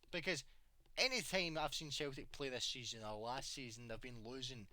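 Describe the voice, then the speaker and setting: A man's voice: medium pitch, normal speed, bright, forceful tone, no room sound. A young man giving an exasperated, sweary rant about his football club, full of rhetorical questions. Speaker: football fan vlogger. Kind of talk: angry opinion rant.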